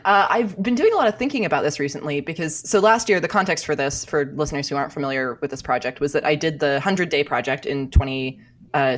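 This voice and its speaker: A woman cartoonist as a podcast guest, talking candidly and thoughtfully about her work. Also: deep voice. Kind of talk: reflective interview talk.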